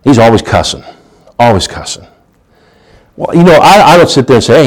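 Man preaching, loud to hushed. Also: mid-range voice, normal speed, long pauses. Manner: animated preaching, swinging from loud emphasis to hushed asides; folksy storytelling with repeated restarts. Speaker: pastor. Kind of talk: sermon.

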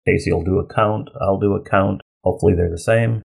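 A male college instructor chatting casually about the course he co-teaches, repeating words and adding quick asides. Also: sits low, fairly even intonation, creaky, a little mellow, breathy edge. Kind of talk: casual conversation.

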